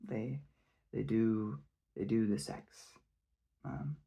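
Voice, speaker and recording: A man's voice: lowish voice, takes it slowly, gravelly, husky, lo-fi sound. A man giving a rambling, hesitant spoken review of a fantasy novel. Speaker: book reviewer.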